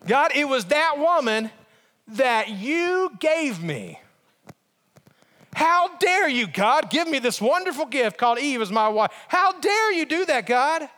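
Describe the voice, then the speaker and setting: A man's voice: extremely high pitch, big pitch swings, slow pace, pushed and bright, voice pushed up, heavily acted. A man voicing the first man as a defensive, indignant figure who blames others in a whiny outburst.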